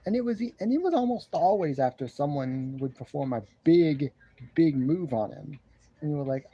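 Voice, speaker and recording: Rambling congested man with a mellow voice. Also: mid-range voice, animated, normal speed, breathy edge, lo-fi sound. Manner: rambling, repeats his own phrases. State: congested, keeps clearing his throat. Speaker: wrestling show reviewer. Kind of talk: casual review commentary. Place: living room at home, seated on a love seat. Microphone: camera in front of him.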